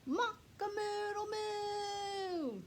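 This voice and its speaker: Storybook cow, female, silly; big slow high moo-crow; woman voicing. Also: a little hiss or hum, full character voice. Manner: drawn-out, loud, high sing-song moo-crow.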